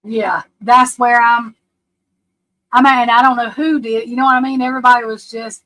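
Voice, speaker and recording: Blunt rambling woman, slightly high voice. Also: fairly even intonation, moderate pace, fairly bright tone, poor audio. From United States. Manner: rambling, restarts sentences, frank and blunt; swears casually. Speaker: live stream host. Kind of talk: casual live stream chat.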